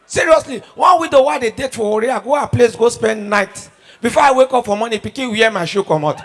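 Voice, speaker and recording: At a live comedy show, a young Nigerian stand-up comedian animatedly tells stories in Pidgin as part of his routine. His voice is very high-pitched and he speaks fairly quickly.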